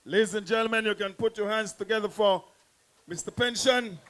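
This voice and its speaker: Festival MC, man, bright and high-ish voice, chatty and explanatory. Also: a little fast. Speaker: festival emcee. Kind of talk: stage announcing.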